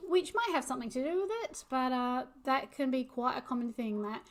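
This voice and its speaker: A woman's voice: high voice, animated, a little fast. A woman in her forties talking casually to camera as a parent, unscripted and hesitant, with many fillers. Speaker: vlogger and parent of autistic children.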